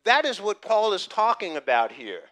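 A middle-aged American man delivers a sermon through a personal story. His voice sits slightly high and rings bright and forceful. He moves between quiet recollection and loud, emphatic preaching. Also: sing-song, moderate pace. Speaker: pastor.

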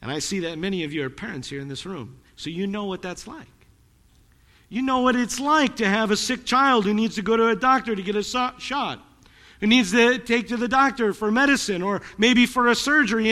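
A man's voice: high-pitched, sharp tone, long reverb tail. A man pastor preaching a sermon to his congregation in a church, earnest and dramatic. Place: church sanctuary.

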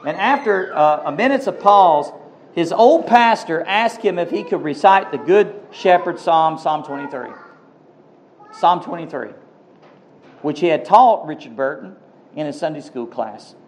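A male pastor preaching a sermon, telling a story in a hushed voice and then building to emphatic questions and prayer. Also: fairly high pitch, lively intonation, measured pace, a little hiss or hum. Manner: emphatic, swings from hushed storytelling to rising exhortation.

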